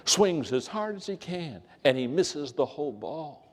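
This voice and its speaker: An older man speaks as a motivational speaker, spinning funny stories with a lively, swooping delivery. His voice sits a little high for a man. A long reverb from a large hall trails each phrase. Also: unhurried. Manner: storytelling, animated, jokey asides. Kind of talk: humorous speech to a live audience.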